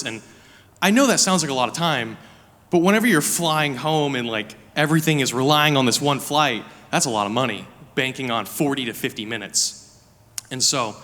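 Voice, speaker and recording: Young man preaching in an echoey hall. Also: medium pitch. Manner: animated, chatty, lots of "like" fillers. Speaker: guest preacher. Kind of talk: sermon with personal storytelling. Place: church sanctuary. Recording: reverberant hall.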